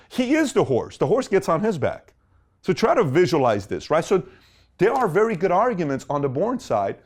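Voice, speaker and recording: A middle-aged man hosting a motivational talk, animated, firing off rhetorical questions with big swings in pitch. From Middle Eastern family. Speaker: host.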